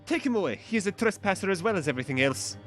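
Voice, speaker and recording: A man's voice: high voice, lively intonation, rapid-fire, faint music behind, pitched above the performer's own voice. A man voicing a haughty, accusing woman passenger with a put-on Russian accent. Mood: indignant.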